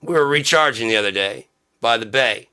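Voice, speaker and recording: A male comedian rants in a satirical comedy bit, sarcastic and profane. His voice is bright and forward, with a middling pitch for a man. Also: a little fast, smooth.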